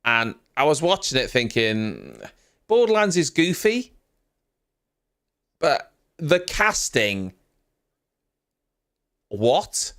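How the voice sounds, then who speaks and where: A man's voice: mid-range voice, wildly swooping pitch, extremely slow, pauses often, a bit bright. A man hosting a live stream, giving casual, rambling reaction commentary and often poking fun at himself. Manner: rambling, self-mocking, chatty.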